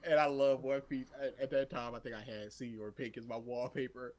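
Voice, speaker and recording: A man's voice: medium pitch, a little fast. A young man co-hosting a podcast, telling a story in casual chat, acting out the voices of others and laughing often. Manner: animated storyteller, acts out quotes, laughs often. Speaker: podcast co-host.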